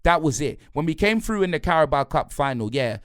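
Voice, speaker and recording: A man's voice: a little high, expressive, brisk, a bit bright, smooth, dry recording. Brief: angry man mid-rant, slangy and repetitive, dry close sound. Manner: heated, slangy, repetitive, punctuates lines with "blood" and "fam". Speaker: football fan pundit.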